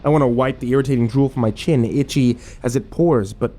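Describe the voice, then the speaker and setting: A man narrating a first-person horror story in a measured voice. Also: mid-range voice, warm tone.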